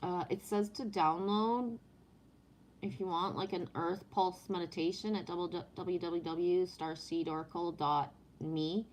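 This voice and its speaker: A woman's voice: fairly low pitch, steady tone, a little slow, slight background noise. A woman with a French accent chatting casually on a live stream, greeting viewers by name and reading from oracle cards.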